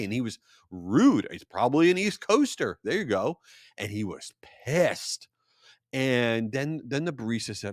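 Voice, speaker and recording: A male podcast host talking straight into a close studio mic, with a bone-dry sound and no room around him. He tells stories in a jokey, self-deprecating way, his pitch swinging widely up and down as he goes. His voice sits at an ordinary middle pitch for a man. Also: moderate pace, no echo. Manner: animated, jokey storytelling with self-deprecating asides. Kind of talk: solo podcast monologue.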